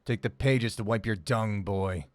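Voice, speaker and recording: A man voicing a ragged older male prisoner priest who shouts fierce, scornful taunts. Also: fairly low pitch, measured pace, clear, resonant tone, no room sound, natural voice.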